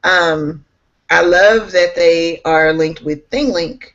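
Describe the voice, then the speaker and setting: A woman's voice: lowish voice, takes it slowly, fairly bright tone. A woman talking in a bubbly, enthusiastic way as an instructional technology specialist in a casual interview, laughing often. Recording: slightly muffled, lo-fi audio.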